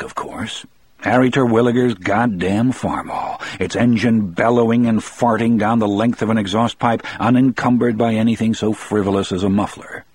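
A man narrating an audiobook in the first person, measured and grim. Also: fairly low pitch, darkish tone, husky, no room sound.

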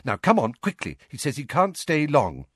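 Storybook: male reader voicing a fussing, reproving mother figure, pitched well up, dry sound. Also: huge pitch swings, normal speed, breathy edge, no room sound, heavily acted. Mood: coaxing. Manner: coaxing, reproving. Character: fussing warm motherly woman, middle-aged.

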